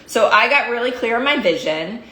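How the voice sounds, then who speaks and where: A woman's voice: on the high side, lively intonation, moderate pace, bright, forceful tone, slight background noise. A woman coach giving an emphatic, fired-up motivational talk, repeating phrases to drive her points home. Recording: roomy echo.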